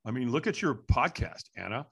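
A middle-aged man, a guest in an interview, telling a story with energy and acting out the voices and shouts of the people in it. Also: medium pitch, a little fast, creaky, slightly rough. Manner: lively, acts out quoted voices and shouts. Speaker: interview guest, firewalk instructor.

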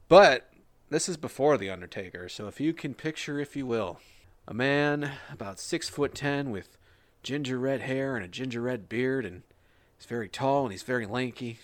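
A man's voice: on the low side, dry recording. A man co-hosting a casual wrestling podcast, joking and swearing as he rambles through predictions. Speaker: podcast co-host.

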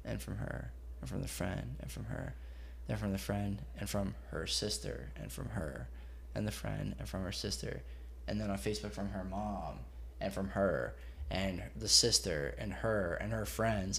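Gravelly man telling a story. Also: fairly low pitch. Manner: profane, animated retelling with acted quotes. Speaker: storyteller guest. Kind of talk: casual podcast storytelling.

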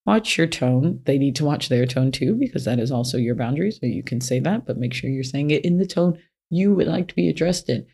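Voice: mid-range voice, expressive, brisk, creaky, mellow, breathy edge. Frank plain-spoken advice giver. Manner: plain-spoken, repeats key points for emphasis; frank, speaks from personal experience. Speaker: self-help speaker. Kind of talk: casual advice talk.

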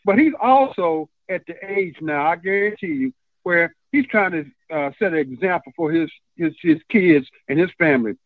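A man's voice: sits high, lively intonation, normal speed, no room sound. A male coach calling into a radio show, earnest and emphatic with hesitant fillers. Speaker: caller, coach. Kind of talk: call-in radio talk. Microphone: phone. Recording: tinny phone line.

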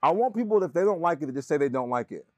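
A man co-hosting a casual podcast, his voice sitting a little high and jumping higher when he argues. He laughs often, and the recording is close and dry. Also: rapid-fire, no room sound, lo-fi sound. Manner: animated, jumps up in pitch when arguing, laughs often. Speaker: podcast co-host. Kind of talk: casual chat.

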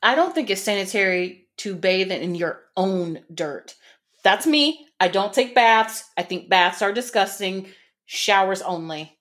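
A woman's voice: medium pitch, animated, measured pace, fairly bright tone. A woman in a casual podcast chat, speaking bluntly and judging openly.

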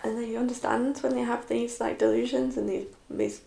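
Soft-spoken tearful young woman, echoey room. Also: on the high side, steady tone, vocal fry. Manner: halting, many restarts and soft trailing phrases. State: tearful, upset. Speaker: vlogger. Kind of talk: personal confessional vlog.

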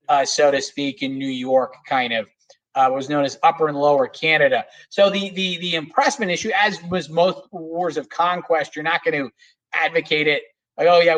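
A man's voice: fairly high pitch, fairly bright tone, muffled recording. A man speaking as a guest historian in a casual podcast interview, rambling with many fillers and restarts.

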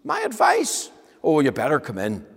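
A man's voice: a little high, wildly swooping pitch, moderate pace, voice pushed up, exaggerated voice. A man voicing a kindly grown man who exclaims in surprise and then offers to help, in an echoing hall. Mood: surprised. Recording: echoey hall with long reverb.

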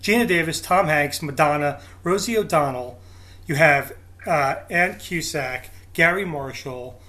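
A man's voice: on the high side, measured pace, pushed and bright. A man in casual conversation, talking about movies with open enthusiasm and sentiment.

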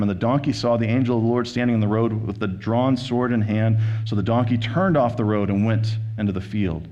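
A male pastor giving a sermon, retelling and reading a scripture story in a relaxed, conversational manner. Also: mid-range voice, dull audio. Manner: conversational storytelling, paraphrasing scripture with quoted voices.

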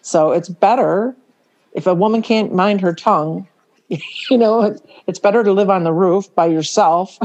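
A middle-aged woman co-hosting a faith podcast, chatting casually, laughing often and slowing down to stress words. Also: mid-range voice, a little mellow. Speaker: podcast co-host.

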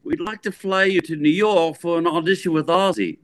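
A man voicing a polite, businesslike female music manager calling on the phone, his voice raised high. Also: a little fast, no echo, close to an everyday voice.

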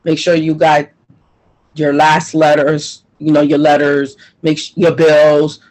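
A woman's voice: sits low, little pitch movement, takes it slowly, a little mellow, poor audio. A woman being interviewed, talking in an emphatic, frustrated way and repeating her points. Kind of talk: personal testimony interview.

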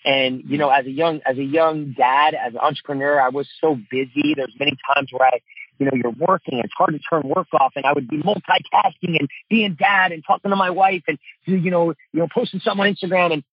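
Man, middle-aged, earnest and heartfelt, husky voice, dull muffled audio. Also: fairly high pitch, steady tone, fairly quick, no echo. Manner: earnest, heartfelt, many fillers like "you know" and "man". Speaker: guest, father and coach. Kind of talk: casual interview talk.

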